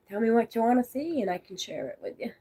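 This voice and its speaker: A woman's voice: on the high side, big pitch swings, moderate pace, dark tone, slightly rough. A woman in her forties from the United States, chatting casually on a live stream, rambling through stories and answering viewers' comments. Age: 40s.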